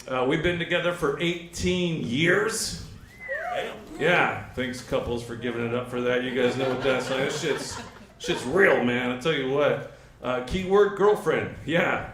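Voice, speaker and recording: A man's voice: medium pitch, unhurried, echoey room. A man doing a crude stand-up comedy set at a brewery, telling stories and acting out both sides of the dialogue. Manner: crude, animated storytelling with acted-out dialogue. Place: brewery comedy stage with a live audience.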